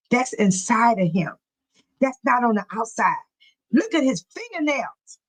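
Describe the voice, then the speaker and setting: A woman's voice: on the high side, slightly rough, poor audio. A middle-aged woman hosting a casual livestream, chatting animatedly with her viewers and reading comments and news aloud. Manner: reads news aloud haltingly.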